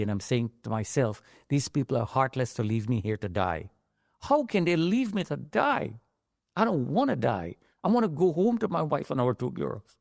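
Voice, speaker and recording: A man's voice: medium pitch, darkish tone, dry recording, studio quality. A middle-aged man telling his own survival story in an emotional, dramatic way, rising into pleading outbursts. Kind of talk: personal testimony.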